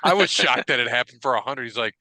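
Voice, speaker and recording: Bright, clear-voiced man telling stories. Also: medium pitch, quick pace, no room sound. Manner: profane, animated storytelling with quoted dialogue. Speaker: podcast co-host. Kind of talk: casual chat.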